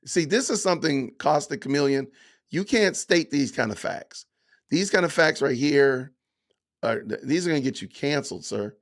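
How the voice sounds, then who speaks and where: A man's voice: medium pitch, animated. A man hosting a livestream podcast, chatting loosely with his viewers. He reads out commenters by name and reacts in a sarcastic, mock-offended way, leaning hard on his words and drawing them out. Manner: sarcastic mock-offended, drawn-out emphatic delivery; addresses chat commenters by name. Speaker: podcast host reading live chat.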